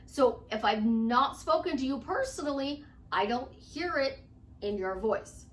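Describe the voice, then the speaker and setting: A woman's voice: sits high, lively intonation, a little slow, a bit bright, far from the mic. A woman life coach giving a chatty, emphatic motivational talk to camera at home, acting out what her clients say.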